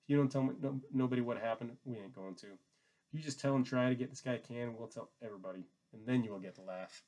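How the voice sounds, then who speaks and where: A man voicing a calm, authoritative lead ranch hand who speaks with firm, steady authority. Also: mid-range voice, fast, lightly acted. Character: calm authoritative male lead mule driver.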